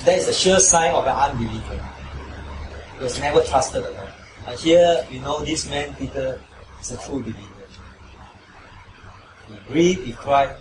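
Emphatic male preacher in echoey hall. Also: medium pitch. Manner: emphatic, repetitive, asks listeners "right?". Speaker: pastor. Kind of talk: sermon and closing prayer. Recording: echoey room, mic at a distance, noisy.

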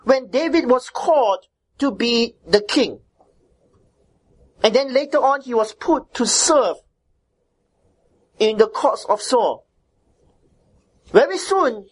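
A woman preaching a sermon as she teaches a Bible passage, with emphatic repetition and frequent "right?" checks to her listeners. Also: sits high.

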